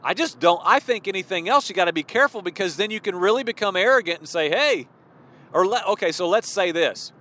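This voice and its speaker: A man with a notably high-pitched voice delivers a loose, conversational sermon outdoors. He rambles, backs up and restarts mid-sentence, and keeps turning to his listeners as brothers and friends. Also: lively intonation, a little fast, sharp tone. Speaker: preacher. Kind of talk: informal sermon to men.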